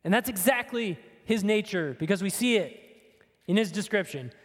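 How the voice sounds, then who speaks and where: A man's voice: sits high, animated, normal speed. A man preaching a sermon in an earnest, emphatic way, leaning on rhetorical questions. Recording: long reverb of a large hall.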